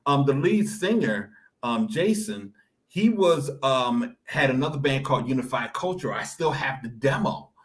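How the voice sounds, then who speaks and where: A man hosting a casual web talk show, reminiscing in an animated, storytelling way full of asides. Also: mid-range voice, moderate pace. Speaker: show host.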